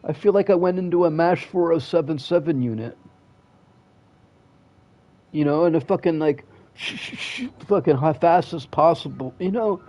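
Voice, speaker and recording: A man's voice: a little high, moderate pace, mellow. A man streaming a video game, rambling and aggrieved in casual chat, swearing constantly and trailing off mid-sentence. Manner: restless and aggrieved, trails off and restarts.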